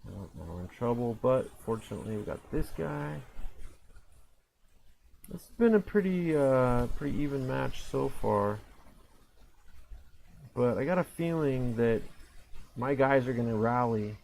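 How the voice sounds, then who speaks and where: A man's voice: mid-range voice, expressive, unhurried, vocal fry, pauses often, a little mellow, slight background noise, low-quality recording. A man casually commentating his own game, rambling and self-mocking, with frequent fillers and restarts. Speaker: gameplay commentator.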